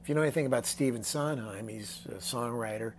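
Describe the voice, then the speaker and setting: A man in his sixties, a songwriter guest telling a story in a casual interview, animated and acting out the voices of people he quotes. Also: medium pitch, fast talker, a little hiss or hum. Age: 60s.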